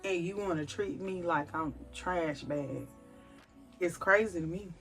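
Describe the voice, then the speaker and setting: A woman's voice: on the low side, unhurried, faint music behind. Emphatic pregnant woman preaching to camera. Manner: emphatic, animated, preachy storytelling. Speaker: vlogger, mother of a large family. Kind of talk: candid faith-filled personal talk to camera.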